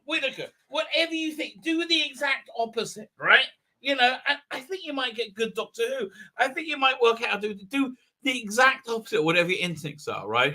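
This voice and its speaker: Very animated and brisk, a man with a high, sharp voice rants his way through an episode recap as a show host. He sounds incredulous and exasperated, piling on fillers and mocking quotes.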